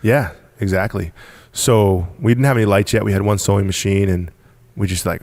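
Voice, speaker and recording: On the low side and a little mellow, the man's voice holds a steady tone at a moderate pace, with hardly any pauses and no room sound. As a podcast guest who founded a business, he tells how he got it started in casual storytelling, emphatic, repetitive, and quick to laugh.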